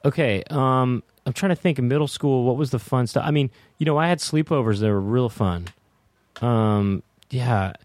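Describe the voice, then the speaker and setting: A young man chatting as a podcast guest, teasing and deadpan, with slow pauses, in a studio. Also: mid-range voice, dry recording. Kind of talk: joking casual chat. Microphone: studio mic.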